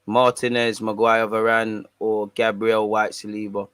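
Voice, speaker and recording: A man's voice: on the low side, moderate pace, few pauses, a bit bright, no room sound. Slangy man with a dry voice. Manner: slangy, laid-back, bantering. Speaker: fan channel host. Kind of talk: casual livestream chat, reading viewer comments.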